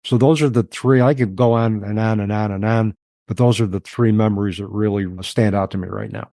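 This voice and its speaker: Low-voiced reflective middle-aged man. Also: fairly even intonation, gravelly, dark tone, no room sound. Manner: reflective, halting, emotional. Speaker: interview guest. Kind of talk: personal storytelling in an interview.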